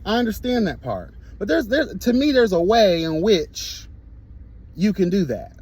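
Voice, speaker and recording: A man with a notably high voice holds forth in a sassy, flamboyant reviewer's rant. He talks with theatrical drama, peppering everything with catchphrases and cussing, and sounds freshly sweaty from a workout. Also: very animated, a little slow, a little mellow, breathy edge, low-quality recording. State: sweaty from the gym. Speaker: online reviewer.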